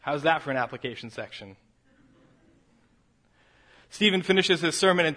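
A man preaching a sermon, moving from quiet reflection to a fervent, raised delivery. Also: fairly high pitch, expressive, normal speed, pauses often. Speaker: pastor.

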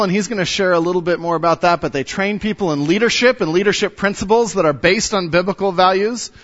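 Male pastor giving a halting, filler-heavy introduction; muffled sound. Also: a little high, a bit bright. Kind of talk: church introduction. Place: church.

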